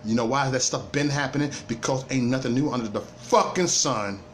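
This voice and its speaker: A man's voice: medium pitch, brisk, a little hiss or hum. A man hosting a livestream, delivering an emphatic, repetitive rant to viewers, stumbling into stammered restarts as he goes. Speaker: livestream host. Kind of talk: ranting livestream monologue.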